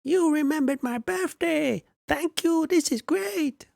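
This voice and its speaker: A man voicing a cheerful little male dwarf in a very high squeaky voice. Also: takes it slowly, vocal fry, a little mellow, no room sound, clean studio sound, heavily acted. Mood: grateful.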